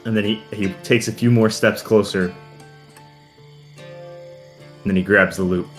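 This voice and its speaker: Man, very low voice, game master, rambling narration, faint music behind. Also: steady tone, measured pace. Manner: rambling, heavy on "kinda" and "uh".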